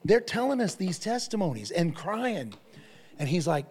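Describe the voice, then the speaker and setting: A man's voice: high-pitched, very animated, normal speed, darkish tone, slightly rough. A male pastor preaching a sermon, telling stories with energy and often repeating his phrases.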